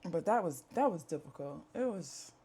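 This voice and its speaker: A woman's voice: on the low side, lively intonation, normal speed, warm tone, slightly rough. A woman, talking candidly to camera at home in a chatty, earnest way with plenty of fillers. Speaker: vlogger. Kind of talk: candid life-update talk to camera.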